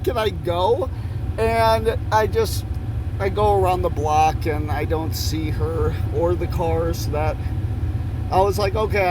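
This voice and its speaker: A young adult man casually telling a rambling, profane story full of fillers, recorded in a car. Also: sits high. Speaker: vlogger. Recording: noisy car background. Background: car and road noise.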